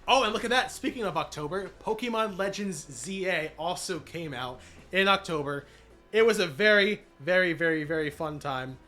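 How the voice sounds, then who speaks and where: A man streaming live, recapping his channel's year in a casual, energetic way with many fillers and shout-outs, voice cracking after being sick. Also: high voice, normal speed, soft background music. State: recovering from illness, voice cracking.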